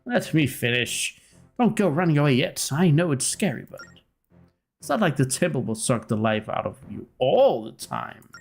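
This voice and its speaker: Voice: mid-range voice, sing-song, moderate pace, husky, faint music behind. Linebeck, a streamer doing a smug pirate captain. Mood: bossy. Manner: smug, wheedling, talks down to a kid. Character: cocky cowardly male ship captain. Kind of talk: voicing game dialogue live.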